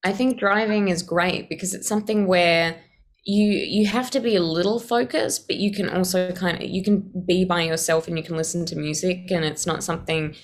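A woman's voice: lowish voice, fairly even intonation, moderate pace. A young woman with an Australian accent, an actress answering interview questions in a thoughtful, plain way.

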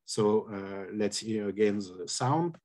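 A man with a lowish, slightly mellow voice speaks slowly and expressively in a linguistics colloquium talk. He works through the material step by step, hesitating often, correcting himself and using many fillers.

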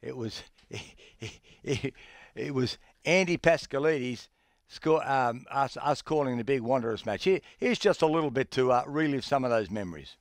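A middle-aged man with an Australian accent hosting a sports radio show, talking haltingly with many fillers and restarts. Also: medium pitch, animated, no room sound.

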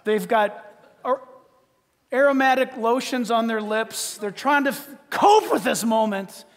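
Animated high-voiced pastor preaching. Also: male voice, a little slow, big-room sound. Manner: animated storyteller, swinging from loud to hushed. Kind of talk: sermon.

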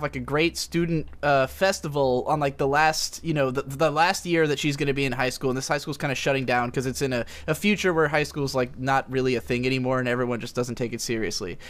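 A man's voice: medium pitch, fairly bright tone. A young man on a casual podcast who steers the talk and explains things at length, recorded on a podcast mic. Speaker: podcast co-host.

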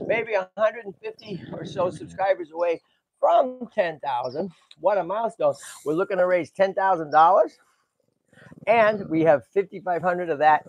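A middle-aged Boston-area man with a high-pitched voice hosts a tortoise sanctuary vlog. Excitable and chatty, he walks around talking to both the animals and his viewers in a casual walk-and-talk style.

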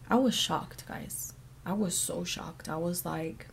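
A young woman chats to her camera from her bedroom, her low-pitched voice full of gravelly fry. She tells her story loosely, with many fillers and voices for the people she quotes. A faint hiss of room noise sits under the recording. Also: slow pace, a little mellow. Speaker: vlogger. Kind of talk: casual storytime chat.

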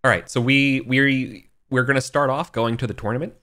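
A man's voice: medium pitch, steady tone, pushed and bright. A young man running a tabletop game as game master, talking casually with many fillers and restarts. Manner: casual, halting, lots of fillers.

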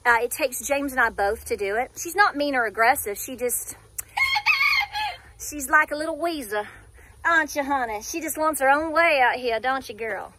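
Chatty high-voiced Appalachian farm woman. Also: very animated, moderate pace, a little hiss or hum. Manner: chatty and rambling, coos softly to her animals. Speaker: homesteader. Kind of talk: casual farm vlog. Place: outdoors on a small farm among goats.

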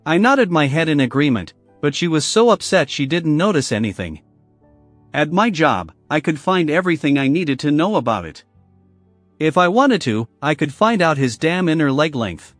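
Male narrator, first-person story, bitter and controlled, animated pitch, dry sound, faint music underneath. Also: moderate pace, dry recording.

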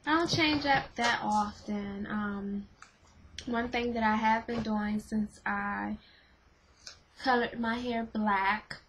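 A woman's voice: mid-range voice, background noise. A woman casually reviewing her favorite beauty and snack products for her vlog, gushing and repeating her praise. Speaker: beauty vlogger.

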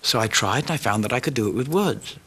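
Man remembering old studio days, steady mid voice, slow easy storytelling. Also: medium pitch, slightly rough. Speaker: interviewee. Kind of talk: reminiscing interview.

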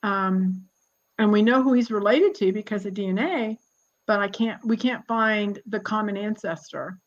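A woman in her sixties, a genealogist guest, telling family stories in a lively, chatty way and laughing often. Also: mid-range voice, normal speed, highs cut off. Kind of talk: casual storytelling conversation.

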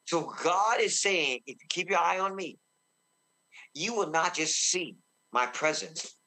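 Bright-voiced fervent male preacher. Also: animated. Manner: fervent, shouting praise exclamations; slows and deepens when quoting God. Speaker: guest minister. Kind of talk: excited preaching in a talk show interview.

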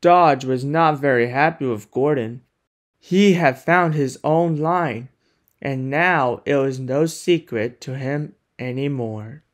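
Slow, plain storybook narrator. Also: mid-range voice. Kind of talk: storybook narration for a fan-made animated series.

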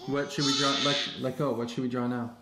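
In a home computer room, a man draws with his young daughter, chatting with her patiently, gently and encouragingly, often softly. His mid-range voice stays fairly flat in pitch and moves briskly, and the recording is reverberant, with a noisy crowd underneath.

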